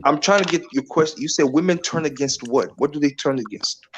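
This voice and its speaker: A man's voice: on the high side, brisk, a loud crowd. A man on a casual panel who jokes and teases the others. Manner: teasing, joking. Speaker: panel guest.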